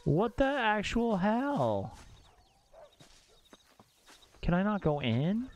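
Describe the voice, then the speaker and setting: A young man streaming a game live, reacting out loud, exclaiming and swearing as he talks to his chat. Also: high voice, big pitch swings, very slow, dull audio. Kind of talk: live gameplay commentary.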